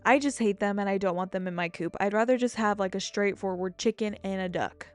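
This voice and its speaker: Rambling, excitable young woman gamer. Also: mid-range voice, fairly quick. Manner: rambling, excitable, swears freely. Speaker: gaming YouTuber. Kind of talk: casual gameplay commentary.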